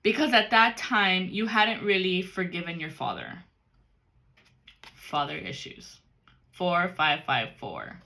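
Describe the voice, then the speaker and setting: Brief: woman, tarot reader, crisp and forceful tone, cusses freely, talks right at the viewer. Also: fairly low pitch, animated, slow pace. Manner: blunt and profane. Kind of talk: casual spiritual card reading.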